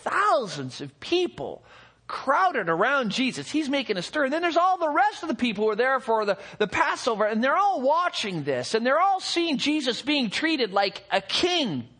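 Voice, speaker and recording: A man preaching a sermon as pastor, expressive, rising to excited peaks and dropping to hushed low passages. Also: moderate pace.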